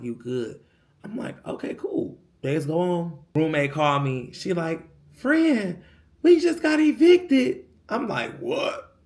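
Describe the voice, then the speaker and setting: A young man, telling a long storytime on his vlog in a casual, animated way, acting out what people said. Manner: animated storytelling, acts out quotes, swings from low mumble to high excited bursts. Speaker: vlogger.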